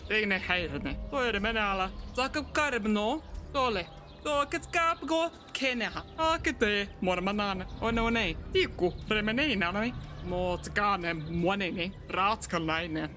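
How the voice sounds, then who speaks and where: An actor voicing a game character who chatters in an invented gibberish language. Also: male voice, high voice, lively intonation, a little slow, pushed and bright, heavily acted. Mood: chattering. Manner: babbling, chattering nonsense words. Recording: game audio with music behind.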